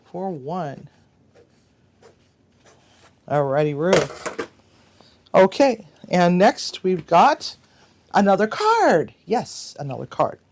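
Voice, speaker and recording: A woman's voice: lowish voice, big pitch swings, slow, pauses often, a little mellow, a little hiss or hum. A woman hosting a casual livestream card game, reading out players' answers with chatty asides and frequent laughter. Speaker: livestream host.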